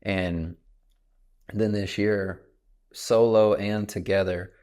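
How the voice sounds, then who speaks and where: Deep-voiced man in his thirties. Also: steady tone, slow, darkish tone. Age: 30s. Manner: earnest, reflective storytelling. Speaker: podcast host. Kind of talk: casual conversation.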